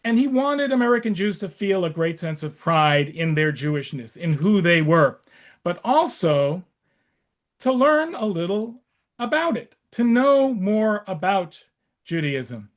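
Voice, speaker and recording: A man in his sixties, a rabbi, teaches adults over a video call, his voice sitting high for a man. He talks in a loose, chatty way, circling back with restarts and small wry asides. Fillers break up most of his sentences. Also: very animated, unhurried.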